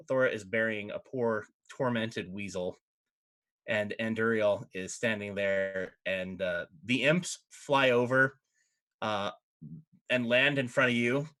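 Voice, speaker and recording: Bright-voiced man narrating as dungeon master. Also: mid-range voice. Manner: animated, laughs through narration. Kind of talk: narrating a tabletop game.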